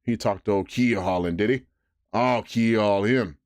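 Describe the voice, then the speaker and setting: A man voicing a hearty, scheming one-legged pirate tavern keeper in a bedtime story reading, loud and blustering. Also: fairly low pitch, sing-song, moderate pace, dry recording, studio quality. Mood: excited.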